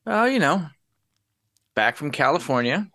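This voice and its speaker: A man's voice: a little high, sing-song, measured pace, pushed and bright, dry recording. A man co-hosting a podcast in casual banter, with dry, wry humor. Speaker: podcast co-host.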